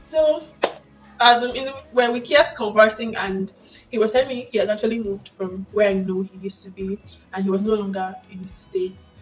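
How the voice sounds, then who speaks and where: A young woman in her twenties with a Nigerian accent, telling a personal faith testimony in a casual, expressive storytelling way with excited exclamations. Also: mid-range voice, normal speed, recorded from a distance, poor audio. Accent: Nigerian English. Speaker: vlogger sharing a faith testimony. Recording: mic set back with faint background music.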